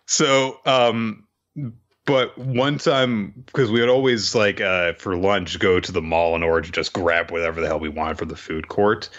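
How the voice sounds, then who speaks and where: Man, podcast co-host, lowish bright voice, dull lo-fi mic, relaxed storyteller. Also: a little slow. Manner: loose storytelling with fillers and laughter. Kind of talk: casual anecdote telling.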